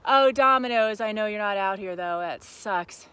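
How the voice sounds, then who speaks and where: A woman talking to her camera outdoors during a long bike ride, sounding worn out and chatty, grumbling one moment and excited the next. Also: mid-range voice, normal speed, clear, resonant tone, rough recording. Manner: chatty, swings between tired grumbling and excited squeals. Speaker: vlogger. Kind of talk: casual travel vlog narration. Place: outdoors on a roadside. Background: passing traffic and outdoor ambience.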